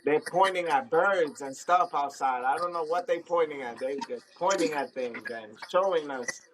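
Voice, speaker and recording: A man telling a story as a podcast guest, lively, laughing often and acting out other people's voices. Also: a little high, normal speed, low-quality recording. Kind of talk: animated storytelling.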